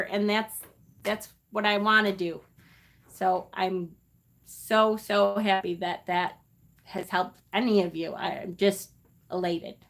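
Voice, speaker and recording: Bright-toned and medium in pitch, this middle-aged woman runs a laid-back live stream. Her talk is affectionate and chatty, sprinkled with fillers and emotional side comments.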